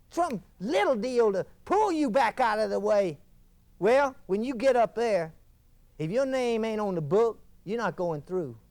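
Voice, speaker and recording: An actor playing a fiery male TV preacher, delivering a folksy fire-and-brimstone sermon with wild swings in pitch. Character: fiery male TV preacher thundering about damnation. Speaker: televangelist. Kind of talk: scripted mock TV sermon.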